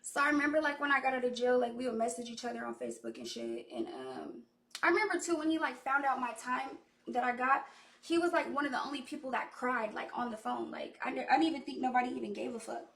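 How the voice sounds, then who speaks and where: Young female artist, raspy fry, casual rambling story time, roomy and off-mic. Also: high voice, very animated, fast talker, a bit bright. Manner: loose, profane storytelling full of "like". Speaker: recording artist. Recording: echoey room, voice far from mic.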